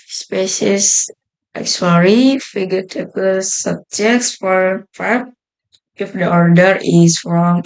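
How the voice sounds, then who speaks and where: Slow, gravelly woman presenting a grammar lesson. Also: lowish voice, low-quality recording. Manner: slow, halting delivery with frequent uh fillers. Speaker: student presenter.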